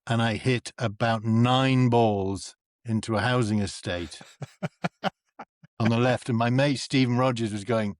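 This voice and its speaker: A man from North East England, a comedian and actor chatting as a guest and acting out the people in his stories with big leaps in pitch. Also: a little slow, no echo, clean studio sound. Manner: animated storyteller who acts out quoted people with big pitch jumps. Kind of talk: casual chat.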